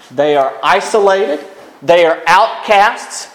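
Animated high-voiced preacher man in echoey room. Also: measured pace. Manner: animated preaching, reading scripture aloud with emphatic rises. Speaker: pastor. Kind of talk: sermon.

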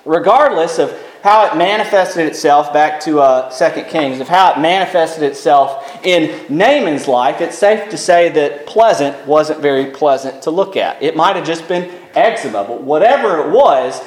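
Male pastor, sermon delivery, high and very lively voice, echoey room. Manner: animated preaching, reading scripture aloud with emphatic rises.

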